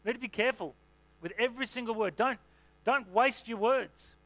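A very high-pitched senior pastor preaches briskly. He keeps the tone of his sermon relaxed and conversational, saying "you know" again and again.

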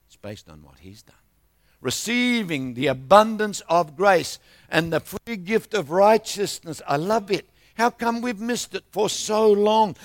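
A man's voice: sits high, no room sound. An older man, preaching a sermon as a travelling minister, telling stories and asking the congregation for responses.

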